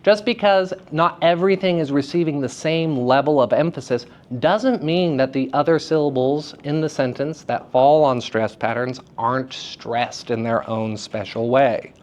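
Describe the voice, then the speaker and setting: A man giving a lecture to students, energetic and checking in with frequent "right?" and "okay?", repeating example sentences to demonstrate. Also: medium pitch, normal speed, few pauses. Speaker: theater lecturer.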